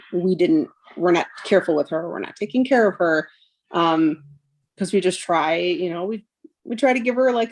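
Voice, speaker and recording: Mom in her 30s telling her story on a podcast, kinda low voice, says like and um a lot, acts out what people said. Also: a little mellow. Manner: emotional retelling, quotes others, frequent fillers like "like" and "um". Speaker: podcast guest, mother. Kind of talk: personal storytelling.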